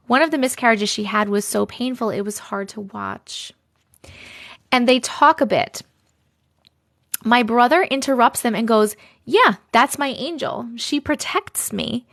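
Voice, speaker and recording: A woman's voice: on the high side, vocal fry, fairly bright tone. A woman hosting a livestream, chatting casually and reading viewer stories aloud, chatty and effusive as she reacts to the chat.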